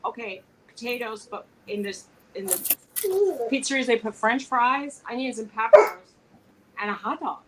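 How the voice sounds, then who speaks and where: A woman co-hosting a casual live-stream chat, telling stories with lively quoted dialogue. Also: a little high, normal speed, slight background noise, poor audio. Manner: chatty, animated storytelling with quoted dialogue. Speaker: co-host. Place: home.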